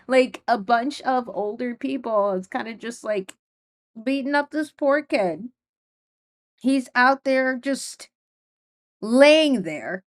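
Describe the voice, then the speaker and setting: A woman's voice: fairly high pitch, lively intonation, takes it slowly, pauses often. A young woman hosting her own podcast, talking casually and rambling, with many fillers and frequent nervous laughs. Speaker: podcast host. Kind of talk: casual solo podcast talk.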